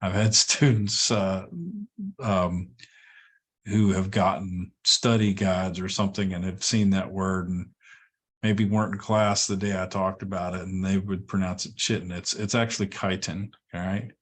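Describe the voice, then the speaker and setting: A man lecturing a college class, relaxed and explanatory, with frequent ums and checks like "all right?". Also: low-pitched, normal speed. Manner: relaxed, repeats words, many ums and okays. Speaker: college instructor.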